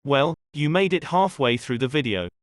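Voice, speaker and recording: Man, host, story narrator, mid pitch, dry close sound, even scripted read. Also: normal speed, no room sound.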